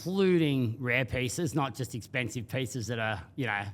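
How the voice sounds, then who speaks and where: A man's voice: mid-range voice, animated, normal speed. A man hosting an interview podcast, asking questions in a chatty way and drifting into personal tangents. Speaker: podcast host. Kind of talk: casual interview talk.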